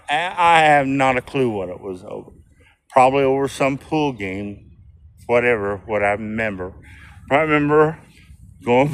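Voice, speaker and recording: A man's voice: medium pitch, fairly bright tone. A man in his sixties telling a story from his past in a loose, rambling way, swearing freely and laughing often. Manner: profane, rambling, laughing as he talks. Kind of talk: casual storytelling.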